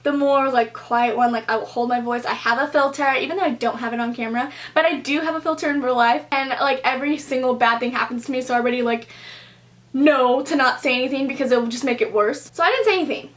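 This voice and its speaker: A young woman vlogger telling a storytime to camera in a casual, animated way, peppered with "like" and acted-out quotes. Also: sits high, fast talker. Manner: animated, expressive, heavy use of "like", acts out quotes.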